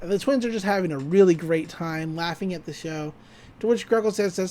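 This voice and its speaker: A podcast host casually recapping a cartoon episode, telling it in an animated way and laughing often. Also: mid-range voice, brisk.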